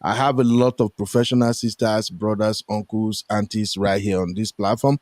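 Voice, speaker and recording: A young Nigerian man hosting a casual online talk show, animated and full of pitch jumps as he quotes people. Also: normal speed, dry recording, studio quality. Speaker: host. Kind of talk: casual chat. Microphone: streaming headset mic.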